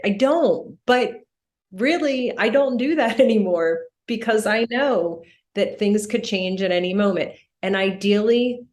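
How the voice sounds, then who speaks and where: A woman's voice: medium pitch, darkish tone. A woman in her forties, a death doula talking in a podcast interview, speaking earnestly and reflectively. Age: 40s. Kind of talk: candid podcast conversation.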